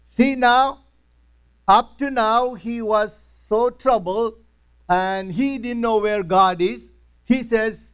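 Slow, high-voiced man teaching the Bible. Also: fairly even intonation, clear, resonant tone. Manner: retells scripture in first person, in simple plain English.

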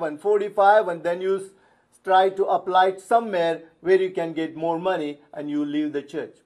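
A man's voice: high-pitched, darkish tone. An older man, preaching a sermon as a pastor and answering his own rhetorical questions with emphasis.

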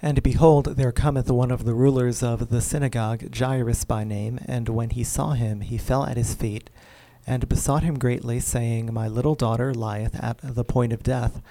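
A man reading Bible passages aloud in a steady, measured way. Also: mid-range voice, no echo. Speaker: scripture reader.

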